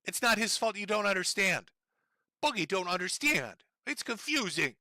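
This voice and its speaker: A man's voice: sits high, very animated, normal speed, pushed and bright, no room sound. A middle-aged man giving angry, profane commentary on a livestream, mocking and sarcastic, sore from broken ribs. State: in pain from broken ribs, on medication.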